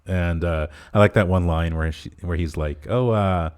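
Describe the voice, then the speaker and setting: A man's voice: low-pitched, flat delivery, moderate pace, darkish tone, clean tone. A man co-hosting a podcast, casually retelling a movie's plot and stringing his thoughts together with lots of "uh" fillers. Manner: rambling plot recap full of "uh" fillers. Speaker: podcast co-host. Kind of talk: casual movie review chat.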